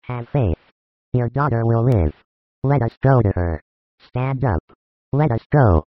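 A man voicing a calm but commanding male spiritual teacher in an audiobook reading. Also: mid-range voice, measured pace, dry recording, lightly acted. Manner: firm, commanding. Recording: tinny phone-like recording.

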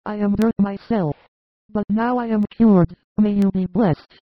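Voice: medium pitch, fairly even intonation, unhurried, dry recording, natural voice. A reader voicing a poor, frail woman of about forty humbly confessing and pleading, in an audiobook. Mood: pleading, humble. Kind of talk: audiobook reading. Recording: tinny phone-like recording.

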